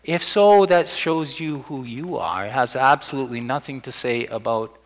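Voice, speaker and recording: A pastor delivers a sermon in a chatty, conversational way. He keeps slipping into little acted-out scenes with quoted voices. His voice sits at an ordinary male pitch and rings with a long church-hall reverb. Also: moderate pace.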